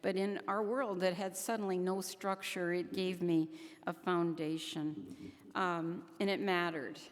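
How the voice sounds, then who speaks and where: An older woman gives an earnest conference talk, speaking haltingly and often restarting her sentences. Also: lowish voice, steady tone. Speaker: keynote speaker. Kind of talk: conference speech. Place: large conference hall. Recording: echoey hall.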